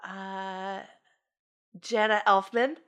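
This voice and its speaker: Bright-voiced woman chatting and giggling. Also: mid-range voice, steady tone, extremely slow, clear, resonant tone. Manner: hesitant, many fillers, giggly. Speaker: podcast co-host. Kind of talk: casual chat about movies.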